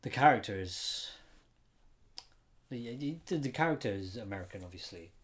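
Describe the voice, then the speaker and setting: A man's voice: on the low side, animated, normal speed. A man co-hosting a podcast, chatting casually and hesitantly, often stammering. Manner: hesitant, stammers and uses fillers. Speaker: podcast co-host. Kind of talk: casual chat.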